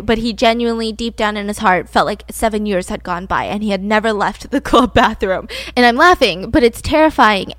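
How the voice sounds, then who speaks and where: Woman podcast host, lively storytelling, fairly high voice, dry close sound. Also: no echo. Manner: animated, laughs while telling, acts out quotes. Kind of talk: casual true-crime storytelling.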